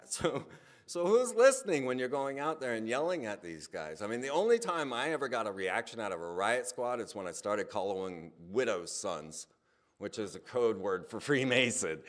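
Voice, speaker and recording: A man talking in a loose, conversational monologue at a mid-range pitch. He tells stories with energy, and his voice rises in pitch and volume when he gets excited. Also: normal speed. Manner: animated storytelling, voice rising when excited. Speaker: speaker on a hypnosis channel. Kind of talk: casual spoken monologue.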